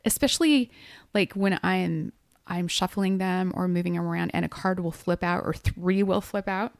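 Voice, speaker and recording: Low-voiced woman chatting about tarot. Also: moderate pace, gravelly, no room sound, studio quality. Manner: explains tarot in an easy, chatty way with laughs. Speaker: podcast co-host, medium. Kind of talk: casual podcast chat.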